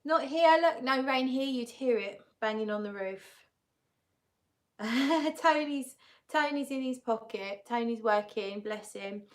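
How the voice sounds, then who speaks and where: A woman's voice: on the high side, takes it slowly. A woman hosting a casual live-stream fragrance chat, greeting viewers and reading out their comments in an easygoing, chatty way. She sounds tired. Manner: frequent laughs and fillers, easygoing. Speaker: fragrance channel host.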